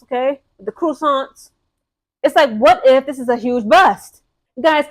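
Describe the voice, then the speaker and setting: Slangy, emphatic woman fan commentator; high voice, dry sound. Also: no room sound. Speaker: sports vlogger. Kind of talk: casual opinion commentary.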